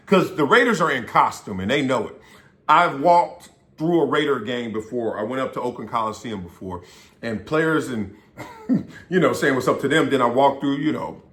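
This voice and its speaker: A middle-aged man and former football player, telling stories in a casual, animated monologue, often laughing and acting out other people's voices. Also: mid-range voice. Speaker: former NFL player and show host.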